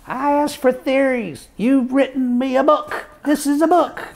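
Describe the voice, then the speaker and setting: Older man doing cranky old judge, shrill scolding outbursts, voice jumps way up high, loud. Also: steady tone, unhurried, vocal fry, heavily acted. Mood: scoffing. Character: irascible old male trial judge, bellowing.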